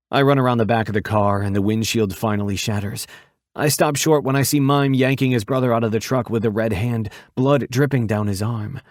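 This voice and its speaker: Steady low-voiced male audiobook narrator. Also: no echo, studio quality.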